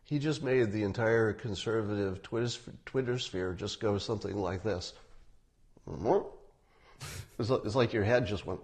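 A man commentating to an online audience, stressing his points and swinging between loud and quiet. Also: fairly low pitch, a little slow.

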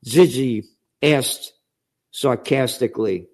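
An older man, an author reading from his book and breaking into profane, shouted rants. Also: fairly high pitch, expressive, slow pace. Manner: profane ranting with shouted outbursts.

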